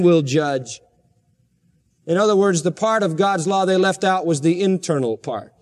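A man preaching a sermon, with emphatic, dramatic stresses and slowed-down key phrases. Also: high-pitched, lively intonation, long reverb tail. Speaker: pastor.

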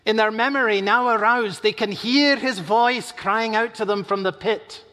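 A man preaching a sermon, swinging between loud urgent emphasis and slow hushed quotation. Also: high voice, fairly even intonation. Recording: long hall reverb.

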